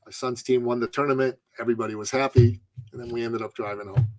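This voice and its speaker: A middle-aged man, a podcast guest, tells a story with drama and laughter in an animated way. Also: mid-range voice, fast talker.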